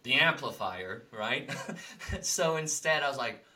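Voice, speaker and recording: Bright-voiced man telling animated stories. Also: medium pitch, takes it slowly. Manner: animated storytelling, acts out angry quotes loudly; rambling with many fillers. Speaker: podcast co-host. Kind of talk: casual spiritual chat.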